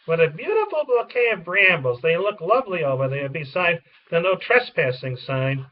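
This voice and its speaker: A man reading the part of a spiteful female witch who sings in a slow, gloating way. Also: on the high side, very animated. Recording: distant, dull lo-fi recording.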